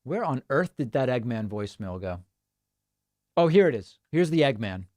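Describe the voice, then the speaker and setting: A man's voice: medium pitch, very animated, normal speed, darkish tone, no echo, clean studio sound. A man hosting a live-stream show, chatting casually and reacting to listener voicemails and chat messages. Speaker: show host.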